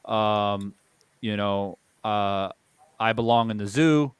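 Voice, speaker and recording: A man's voice: on the low side, slow pace, clear, resonant tone, no room sound. A man hosting a boxing channel, delivering a heated opinion monologue and repeating phrases for emphasis.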